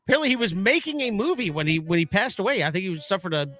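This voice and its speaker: A man hosting a sports radio show, talking casually and in a relaxed way, then doing the show plugs. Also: high voice, racing.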